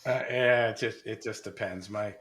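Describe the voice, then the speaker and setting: A man co-hosting a podcast, speaking in a wry, self-mocking way with halting starts and many fillers. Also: lowish voice, fairly even intonation, fairly bright tone. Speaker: podcast co-host. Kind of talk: conversational podcast chat.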